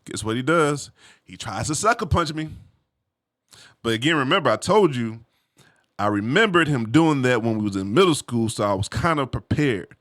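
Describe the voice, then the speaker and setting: A man recounts a story from his own life in a loose, animated way, peppered with street slang and asides to the listener. His voice is bright and forceful, sitting at an ordinary middle pitch for a man. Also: normal speed. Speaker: vlogger telling a personal story. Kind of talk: casual storytelling.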